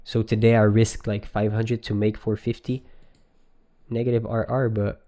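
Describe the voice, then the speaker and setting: Man, mellow dark tone, flat intonation, casual live-stream chat. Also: lowish voice, normal speed. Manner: relaxed, reads chat questions aloud with fillers. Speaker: trading streamer.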